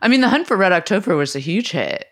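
A podcast co-host chatting casually, quick-talking, laughing often and swearing lightly. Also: medium pitch, sing-song. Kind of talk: casual chat.

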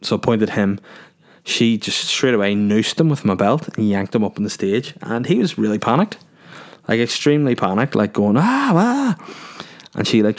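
Brit guy joking crude on his podcast, lowish voice, rambles on. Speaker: podcast host. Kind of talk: casual storytelling.

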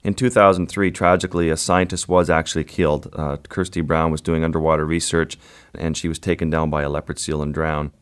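A man, a photographer guest, recounting an encounter in a measured, vivid interview style. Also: rumbling low, level tone, clear, resonant tone. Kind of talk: interview storytelling.

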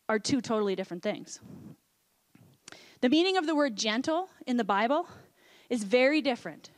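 A woman pastor delivering a sermon, earnest, dropping to a soft hush on quoted lines. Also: high-pitched.

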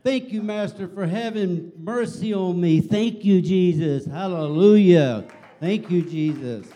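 A man playing a humble, devout healed leper in a church skit, praising slowly and fervently. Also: high voice, warm tone. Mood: jubilant.

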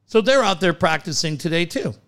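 Animated middle-aged male co-host. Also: fairly high pitch, brisk. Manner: animated storyteller, swings into big voices for quotes. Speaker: radio show co-host. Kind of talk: casual storytelling banter.

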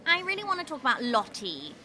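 Bright-voiced woman, playful. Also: high-pitched, huge pitch swings, fast, a little hiss or hum. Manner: playful, mock-serious, laughs often. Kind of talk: casual comedic chat.

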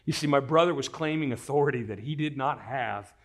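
An earnest male pastor delivering a sermon with a mid-range voice. He moves between hushed prayer and animated storytelling, stretching key words for weight. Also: medium pitch, a little fast.

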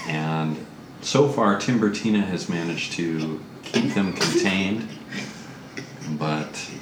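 A man voicing a grave woman commander under siege. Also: low voice. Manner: grave, measured briefing. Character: stern female military leader under siege. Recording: roomy distant recording with noise.

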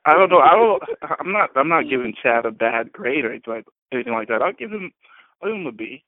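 Man with lively intonation on a podcast. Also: medium pitch, fast, no room sound. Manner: steers the talk, lively intonation. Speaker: podcast co-host. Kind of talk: casual movie review chat. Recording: dry, tinny phone-like sound.

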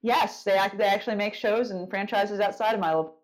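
A woman's voice: mid-range voice, steady tone, a little fast, poor audio. A woman hosting a casual podcast interview over a call, teasing her guest and reading questions from the chat. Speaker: podcast host.

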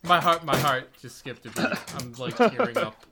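A man's voice: on the high side, sing-song, normal speed, music in the background. A man co-hosting a podcast, joking and laughing in casual chat while a child cries in the background. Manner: jokey, laughs a lot. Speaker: podcast co-host. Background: crying child.

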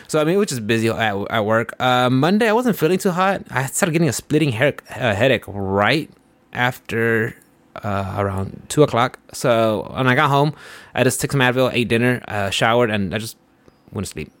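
A man's voice: medium pitch, expressive, normal speed, fairly bright tone, dry recording. A man co-hosting a podcast, chatting casually in rambling, slangy, profane stories. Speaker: podcast co-host. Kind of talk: casual chat.

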